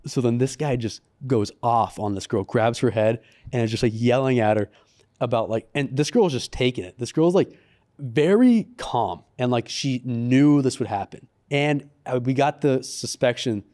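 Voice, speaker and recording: With an easygoing, mellow delivery at normal speed, a man with a mid-range voice shares a story among friends in a casual podcast studio, like a co-host. Quoting others, he shifts his voice up into something raised and lively.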